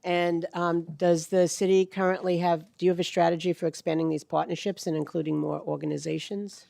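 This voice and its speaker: Deep gravelly woman questioning at a hearing. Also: level tone, brisk, warm tone, no echo. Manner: conversational, thinks aloud. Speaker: council member chairing the hearing. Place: council hearing room.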